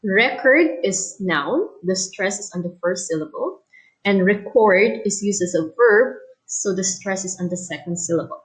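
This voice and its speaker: A woman teacher giving a recorded English lesson, explaining clearly and calmly. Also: fairly low pitch, normal speed, low-quality recording.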